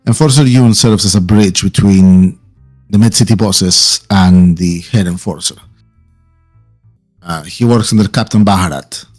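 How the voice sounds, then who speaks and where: A man voicing a calm, calculating male spymaster. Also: low-pitched, faint music behind. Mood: explaining. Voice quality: calm, deliberate delivery. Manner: explains plans slowly and carefully.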